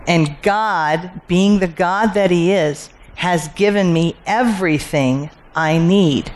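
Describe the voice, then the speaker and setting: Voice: medium pitch, a little hiss or hum. A Bible teacher working through scripture verse by verse, asking rhetorical questions, answering them, and repeating key phrases for emphasis.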